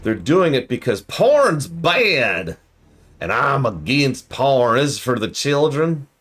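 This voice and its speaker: A man doing a pompous Southern politician with a put-on Southern US drawl, sanctimonious and loud. The voice sits well above his own low register, with slow, preachy delivery. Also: very animated, heavily acted. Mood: mock-righteous.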